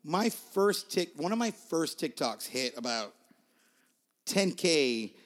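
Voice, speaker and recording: Animated, profane man podcast co-host. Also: fairly high pitch, slow pace. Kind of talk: casual chat.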